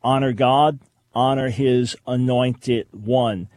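A man's voice: mid-range voice, fairly even intonation, takes it slowly, darkish tone, no echo. A man hosting a radio talk show, speaking emphatically with frequent restarts. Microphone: studio microphone.

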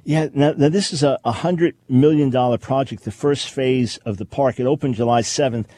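A man's voice: medium pitch, normal speed, no room sound. Emphatic male radio talk host. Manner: energetic, emphatic, with frequent restarts. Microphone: studio microphone.

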